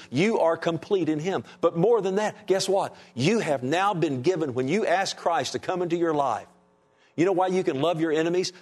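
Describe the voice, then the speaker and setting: A male pastor with a fairly high voice delivers a sermon to his congregation in a church sanctuary. He alternates loud, emphatic statements with quiet, soft passages, checking in with "Amen?"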